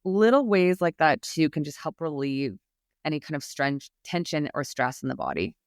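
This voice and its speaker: A woman's voice: deep voice, expressive, normal speed, no room sound, studio quality. Earnest, encouraging woman guest. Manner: earnest, encouraging, with frequent restarts. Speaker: guest expert on public speaking anxiety. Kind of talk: podcast interview.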